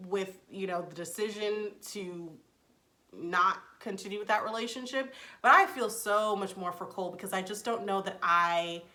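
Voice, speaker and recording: A woman hosting her own channel, giving a chatty, expressive spoken review with lots of casual fillers and vivid reactions. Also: mid-range voice. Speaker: TV show reviewer, channel host.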